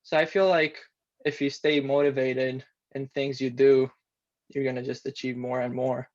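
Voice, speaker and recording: A man's voice: medium pitch, level tone, moderate pace, a little mellow, dull audio. A man of about twenty with a Romanian accent, a native Romanian speaker, telling his story in a plain, matter-of-fact way as an interview guest. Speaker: interview guest, former student athlete. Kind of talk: casual interview.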